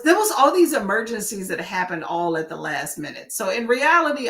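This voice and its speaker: A woman chats to her viewers in a bright, clear voice. Her pitch swings up and down as she tells stories with lively energy. She sounds casual and talkative. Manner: animated, chatty storytelling. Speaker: livestream host; nurse.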